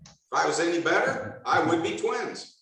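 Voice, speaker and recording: A man hosts a video call, welcoming people one by one with playful, enthusiastic banter. His fairly high voice swings up and down a lot. The sound is very echoey and distant, as if the mic sits far away in a bare room. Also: very animated, moderate pace, a bit bright. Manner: enthusiastic, jokey, repeats greetings. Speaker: host of a video call meeting. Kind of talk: upbeat welcome roll call.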